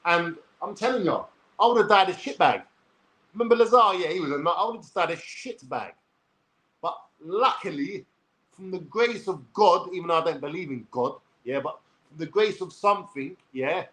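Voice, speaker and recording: A blunt, foul-mouthed man in his forties with a London accent speaks straight to his viewers. His voice sits a touch higher than most men's, and he rambles and calls out to the people watching. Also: expressive, moderate pace, fairly bright tone, low-quality recording. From England. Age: 40s. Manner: blunt, swears freely, addresses viewers as people. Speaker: online personality. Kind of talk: rambling talk to camera.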